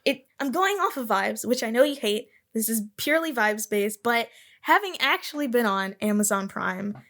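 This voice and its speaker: A woman's voice: a little high, lively intonation, moderate pace, a bit bright. A young woman hosting a podcast in casual chat, rambling and correcting herself as she goes. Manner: chatty, rambling, self-correcting. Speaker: podcast host.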